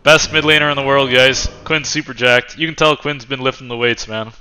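A man's voice: medium pitch, fairly even intonation, a little fast, sharp tone, clear, resonant tone. A man casually commenting on his own gameplay, joking and swearing loosely. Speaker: streamer playing a video game.

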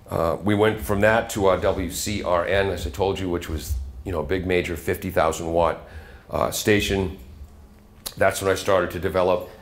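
A middle-aged radio host speaks to a college classroom. His voice sits a little low, and he rambles through anecdotes in a chatty way, ready to drop into a character voice at any moment. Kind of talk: guest lecture to a college class.

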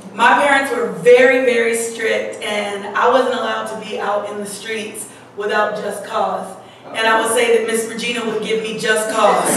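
Woman educator, hoarse and losing her voice, fond speech at an awards event, mic far off in a very echoey hall. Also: a little high, background noise. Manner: warm, fond, laughing at her own stories. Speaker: local educator introducing an honoree. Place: large room at an event.

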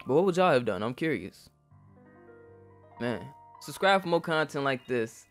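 A man's voice: mid-range voice, sing-song, normal speed, soft background music. A young man in casual commentary, reacting to a game in an emotional, profane way. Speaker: gaming YouTuber.

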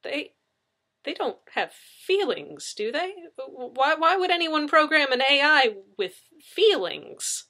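A woman's voice: high-pitched, sing-song, bright, forceful tone, pitched above the performer's own voice, heavily acted. A woman voicing an anxious female science officer who gushes in a rush, close to tears. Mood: uneasy. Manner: gushing, rushed and near tears.

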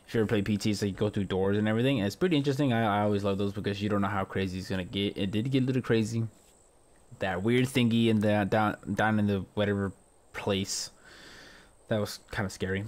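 A man's voice: fairly low pitch, steady tone, fast talker. A man commentating a horror game he is playing, reacting on the spot and repeating short phrases over and over. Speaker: gamer.

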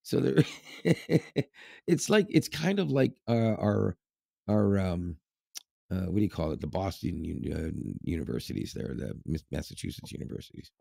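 A man's voice: low voice, lively intonation, normal speed, gravelly, dark tone, dry recording, studio quality. A man co-hosting a podcast in casual chat, rambling with lots of fillers and laughs. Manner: rambling, laughs often, many fillers and restarts. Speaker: podcast co-host.

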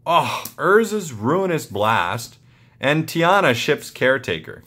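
A young man excitedly opening trading card packs for his channel, muttering card names with sudden yelps of delight. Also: slow pace. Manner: excitable, muttering asides, jumpy pitch. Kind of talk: casual pack-opening commentary.

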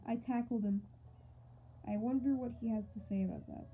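A woman's voice: fairly high pitch, normal speed, slight background noise. A woman doing playful, goofy gameplay commentary with mock outrage and silly asides. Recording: thin phone-like audio.

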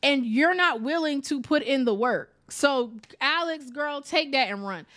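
A woman's voice: sits high, expressive, unhurried, a bit bright. A woman giving a casual, exasperated reality TV review, chatty and emphatic, repeating words for effect and saying "like" often. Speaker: TV show reviewer.

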